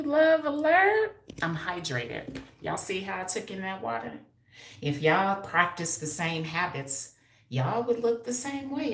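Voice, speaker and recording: Brash low-voiced woman in her fifties. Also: slight background noise. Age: 50s. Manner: brash and profane, laughing often. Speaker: hairstylist and livestream host. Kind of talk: casual livestream chat reading comments. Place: at home. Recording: echoey room.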